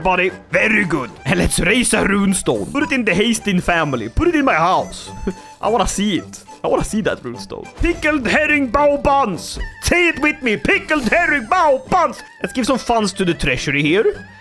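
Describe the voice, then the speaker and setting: Man, very high voice, lively swooping delivery, jokey strategy game commentary, faint music behind. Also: normal speed. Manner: excitable, jokey, voices in-game characters in asides. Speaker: gaming YouTuber. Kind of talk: energetic gameplay commentary.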